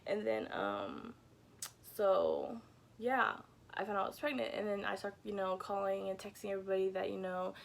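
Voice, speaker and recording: A woman's voice: medium pitch, lively intonation, moderate pace, creaky. A young woman vlogger telling a casual storytime from her bedroom, chatty and peppered with "like" and "you know," swearing freely. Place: home bedroom.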